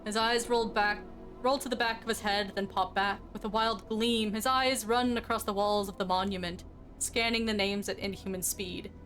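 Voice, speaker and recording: A woman's voice: medium pitch, steady tone, moderate pace, fairly bright tone, faint music behind. A young woman streaming, reading game narration aloud in a casual, plain manner.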